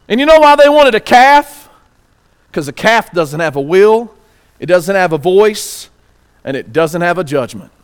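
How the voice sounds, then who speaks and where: A pastor delivering a sermon, asking the congregation rhetorical questions and reading scripture aloud. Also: male voice, sits high. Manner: reads scripture aloud slowly.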